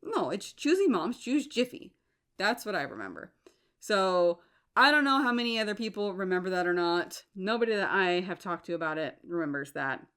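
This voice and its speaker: A woman hosting a solo podcast, talking in an animated, emphatic and incredulous way. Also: fairly low pitch, brisk, clear, resonant tone. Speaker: podcast host.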